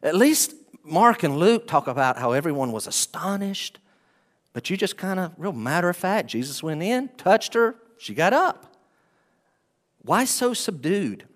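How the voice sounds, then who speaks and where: A man preaching a sermon as pastor, animated, swinging between loud outbursts and quiet asides. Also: sits high, a little slow.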